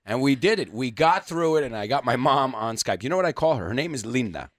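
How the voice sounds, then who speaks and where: A man's voice: quick pace, hardly any pauses. A man hosting a radio show in casual bilingual chat, telling stories animatedly and acting out quotes. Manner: animated storytelling, acting out quotes with big pitch jumps. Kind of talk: casual bilingual chat, switching between English and Spanish. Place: radio studio.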